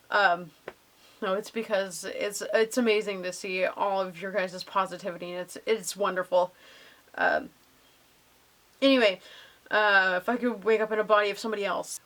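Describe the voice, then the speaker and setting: A woman's voice: mid-range voice, moderate pace, a bit bright. A young woman casually answering viewer questions in a vlog, bubbly and gushing with lots of ums.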